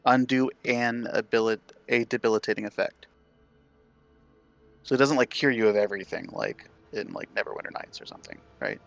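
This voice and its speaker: A man's voice: medium pitch, a little fast, vocal fry, a bit bright, dull audio, soft background music. Bantering male tabletop player. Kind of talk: casual chat at a tabletop game.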